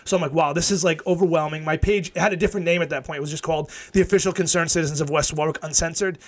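A middle-aged man tells a podcast story at a rapid clip. His voice sits a bit high for a man. He rambles, swears and restarts lines in a loose, casual way. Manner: fast, profane, rambling with restarts. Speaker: town councilman guest.

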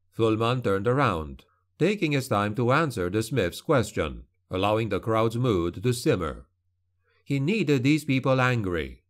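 A man narrating a dark fantasy audiobook in a steady, grim, even delivery. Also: medium pitch, unhurried.

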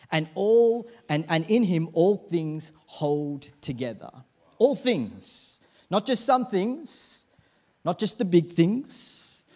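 A man's voice: fairly high pitch, mellow. A man preaching a sermon in church, leading the congregation in call-and-response. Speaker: pastor.

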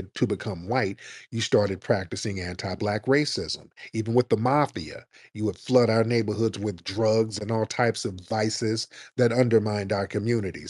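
A man's voice: on the low side, darkish tone, husky, dry recording, clean studio sound. A man hosting a call-in radio talk show, arguing with a caller in a blunt, lecturing and mocking way.

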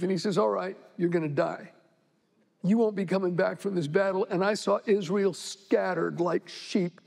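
High-voiced preacher in a reverberant hall. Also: male voice. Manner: retells scripture conversationally, rising to indignant emphasis. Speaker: pastor. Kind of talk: sermon.

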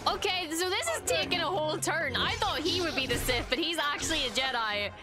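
A young woman streamer reacting casually to an episode, excitable, gasping and swearing, with its soundtrack playing behind her. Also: sits high, a little fast, over loud music.

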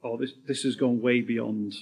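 A man's voice: mid-range voice, fairly even intonation, normal speed, a little mellow, slightly rough. A man hosting a live on-stage interview, asking long, winding questions full of "sort of". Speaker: podcast host and interviewer.

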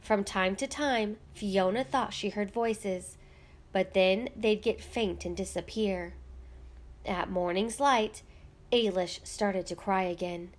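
A woman reading a children's picture book aloud with gentle, measured storytelling. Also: medium pitch. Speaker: read-aloud narrator.

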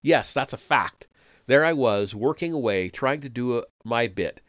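A man's voice: medium pitch, animated, normal speed, fairly bright tone, dry recording, lo-fi sound, lightly acted. A man reading aloud and voicing a frightened, servile, middle-aged male prisoner who pleads eagerly and talks sanctimoniously.

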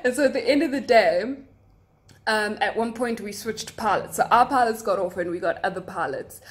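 A woman's voice: medium pitch, moderate pace. A young South African woman, a flight attendant, telling stories from her workday in a chatty, giggly way, full of likes and asides. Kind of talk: casual chat.

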